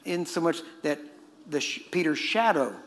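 A middle-aged preacher from Texas, delivering a sermon in a fast, joking, conversational way. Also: male voice, a little high, lively intonation, a bit bright. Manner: fast-talking and joking with the audience.

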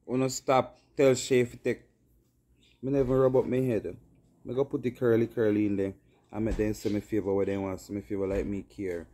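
A man's voice: on the low side, flat delivery, a little fast, mellow. A young man, bantering and protesting in patois while being filmed at home. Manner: teasing, protesting, patois-heavy. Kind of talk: casual banter.

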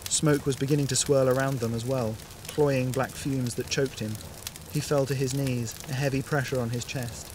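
Guy reading a sci-fi audio story, steady and even, mid-pitch voice. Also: moderate pace, a little hiss or hum. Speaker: narrator. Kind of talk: scripted story narration.

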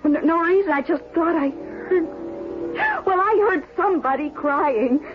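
An actress playing a lonely, nervous widow in a 1970s radio drama, fluttery and easily startled. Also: female voice, sits high, measured pace. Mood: chatty. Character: lonely widow, middle-aged, nervous and chatty. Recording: tinny lo-fi radio recording with music.

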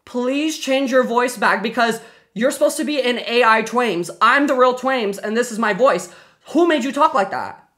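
A young woman streaming live, loud, profane and excitable, talking to her chat. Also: a little high, moderate pace. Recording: music playing under the stream. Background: background music.

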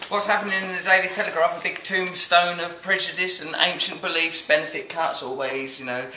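A man hosting a casual comedic chat, playful and quick to put on silly voices. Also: fairly high pitch, fairly even intonation, sharp tone, echoey room, a little hiss or hum, low-quality recording. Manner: playful, sing-song, breaks into silly put-on voices and laughs. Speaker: host.

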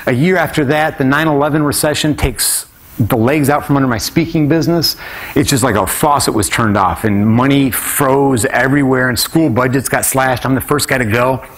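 A man performing live stand-up storytelling on stage, talking to the audience in a conversational way and bursting into shouted exclamations. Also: medium pitch, moderate pace. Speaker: comedian and storyteller. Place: stage at a live conference event.

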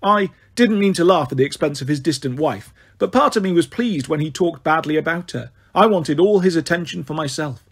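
High, husky male audiobook narrator. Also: expressive, brisk, few pauses.

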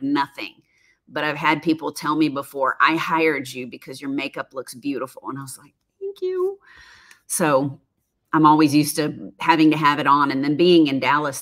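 A woman in her fifties chatting casually on a live stream, reading viewer comments with frequent laughs and rambling asides. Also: sits low. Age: 50s. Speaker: livestream host, former makeup artist.

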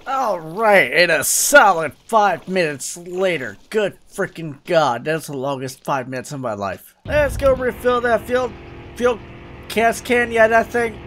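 A man giving excitable let's play commentary, swearing and talking to himself as he plays. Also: sits high, a little slow, a little hiss or hum. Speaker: gaming YouTuber.

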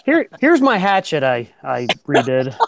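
A man's voice: fairly high pitch, huge pitch swings, measured pace, creaky, muffled recording. A man showing off his crafts in a casual group video chat, rambling with restarts. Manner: rambling, restarts, laughs often.

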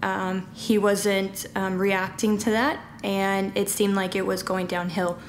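Tearful mom telling a hard story. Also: female voice, medium pitch, level tone, slight background noise. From Southern California. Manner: halting, with fillers and nervous laughs. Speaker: vlogging mom. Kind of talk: emotional personal account.

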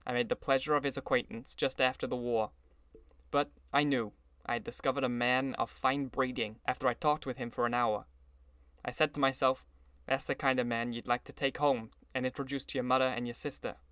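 A brooding, sentimental old gangster , as a male narrator puts him on, lingers over his words at an unhurried pace. The voice sits at a middling pitch and sounds dry and close, with no room around it. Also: fairly even intonation, bright, forceful tone, smooth, no room sound, lightly acted. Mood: admiring.

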